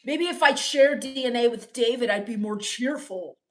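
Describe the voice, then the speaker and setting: A woman playing a sullen, bitter teenage goth girl in live-stream character comedy, mopey, deadpan and scornful as she reads the chat. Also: fairly high pitch, moderate pace, natural voice. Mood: sulky.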